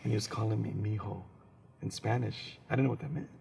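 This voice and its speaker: A man from San Francisco, a comedian, telling comic stories as an interview guest in an animated, joking way. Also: lowish voice, quick pace, gravelly, slightly rough. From San Francisco, USA. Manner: animated, jokes and slips into impressions.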